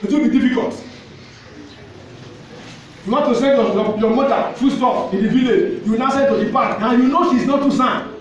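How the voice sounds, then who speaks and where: A Nigerian-accented male pastor delivers an exhorting sermon in a very high voice, driving his points home by repeating phrases. The sound is very echoey, as if picked up in a big church hall from some distance away, with faint room ambience underneath. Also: steady tone, moderate pace, pauses often, slight background noise.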